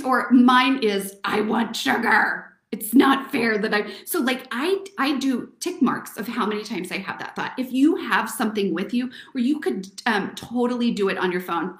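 Upbeat lady coach talking to the camera, kinda high voice, roomy echo. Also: a bit bright. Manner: upbeat, encouraging, addresses listeners as friends. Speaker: host. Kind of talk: casual motivational talk. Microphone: recorded to camera.

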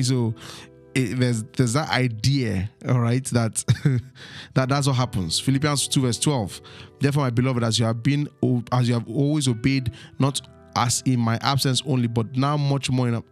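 A man with a voice of ordinary pitch teaches from the Bible, reading passages and breaking them down for his listeners. He keeps asking them to fill in the missing word and checking that they are following along. Soft instrumental music plays faintly underneath.

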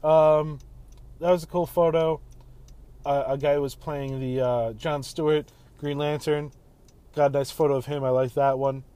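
A man's voice: fairly high pitch, little pitch movement, a little slow, warm tone, no room sound, rough recording. A man in his thirties hosting a casual solo podcast while driving home, rambling in a laid-back way and swearing freely. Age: 30s. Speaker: podcast host.

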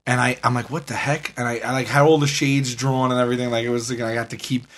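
A man co-hosting a podcast, telling a long story in a casual, animated way and acting out the dialogue. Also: medium pitch, quick pace. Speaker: podcast co-host.

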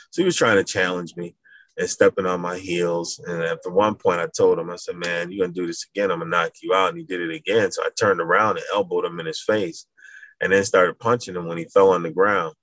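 A middle-aged man from Madison, Wisconsin, talking casually as an interview guest, animated storytelling. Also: sits low, no room sound. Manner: animated, acts out voices in his stories, laughs. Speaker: guest, school founder.

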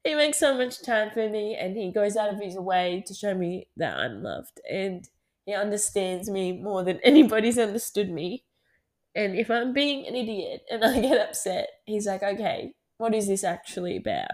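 A woman in her twenties with an Australian accent, talking candidly and casually about her own life, with many fillers and soft laughs. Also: mid-range voice, animated, moderate pace. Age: 20s. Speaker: podcast host. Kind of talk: casual personal talk.

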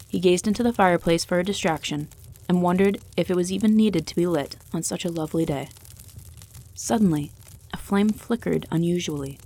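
A woman narrating a fantasy story with steady, even-paced storytelling. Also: fairly low pitch.

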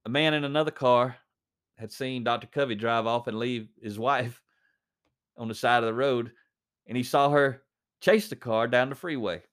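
A man's voice: mid-range voice, normal speed. A man reading a story aloud, then commenting on it conversationally with fillers. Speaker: reader and commentator.

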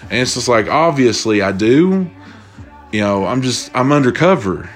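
A man's voice: medium pitch, normal speed. A young man ranting through casual stories, profane and exasperated. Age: young adult. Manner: profane, exasperated, animated retelling. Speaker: storyteller. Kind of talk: casual storytelling rant.

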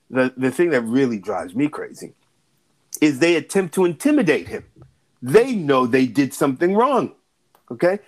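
Guy analyst talking policing, pushy rhetorical questions, keeps saying okay and right. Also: on the high side. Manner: emphatic, fires repeated rhetorical questions. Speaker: political and legal analyst. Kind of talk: candid discussion.

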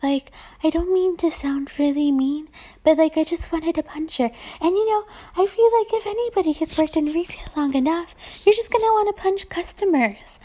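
A woman's voice: extremely high pitch, moderate pace, dark tone. A young woman who works in retail, venting casually with lots of swearing and filler words. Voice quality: self-described annoying voice. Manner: profane, exasperated venting with many fillers. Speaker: retail worker. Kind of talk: casual ranting vlog.

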